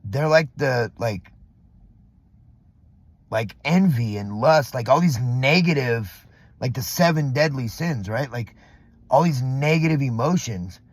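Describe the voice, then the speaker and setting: A man's voice: mid-range voice, animated, takes it slowly, pauses often, no echo. A middle-aged man from Southern California, venting in a rambling, profane vlog monologue full of fillers, recorded in a parking lot. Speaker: vlogger.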